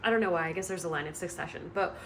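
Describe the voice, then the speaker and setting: A woman's voice: lowish voice, very fast, a bit bright, a little hiss or hum. A woman book vlogger retelling a story she is reading, in a chatty, amused way with many hedging asides.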